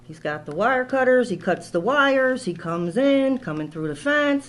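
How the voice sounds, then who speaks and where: A woman's voice: a little high, animated, measured pace. A woman from making an emotional, rambling public comment at a town board meeting, speaking into a podium microphone. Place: town hall meeting room.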